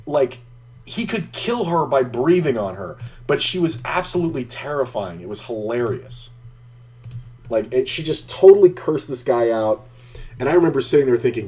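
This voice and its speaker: A man's voice: medium pitch, big pitch swings, normal speed, darkish tone. A man streaming an online poker game, casually telling a rambling, profanity-laced story between hands.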